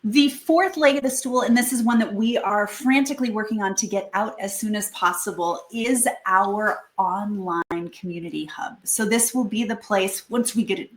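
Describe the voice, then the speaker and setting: A woman giving a casual presentation to a networking group about her language school, lively and chatty, acting out little quoted exchanges. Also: mid-range voice, moderate pace, hardly any pauses. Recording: echoey room.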